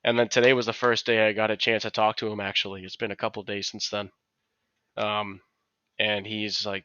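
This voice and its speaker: A man's voice: lowish voice, flat delivery, moderate pace, pushed and bright, clear, resonant tone, no echo, dull audio. A man co-hosting a podcast, telling a long anecdote in casual chat, rambling with many restarts and acted-out quotes. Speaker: podcast co-host.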